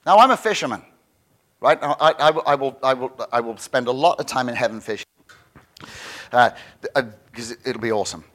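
A man preaching a sermon as pastor, joking and animated, often repeating words as he restarts his thoughts. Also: mid-range voice, a little fast, pauses often.

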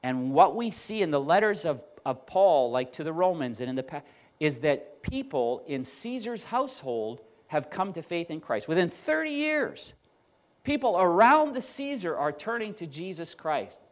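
A male pastor preaching a sermon, telling stories and quoting others with animated emphasis. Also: a little high, moderate pace.

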